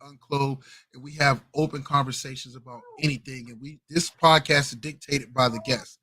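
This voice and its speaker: A man's voice: medium pitch, fairly even intonation, moderate pace, pushed and bright. A man hosting a casual late-night podcast, laid-back and slangy. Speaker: podcast host. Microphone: home streaming mic, adjusting gain.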